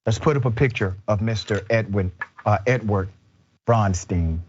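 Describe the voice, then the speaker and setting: A man's voice: lowish voice, normal speed, highs cut off, slight background noise. A male host of a political commentary show who speaks in short, emphatic statements.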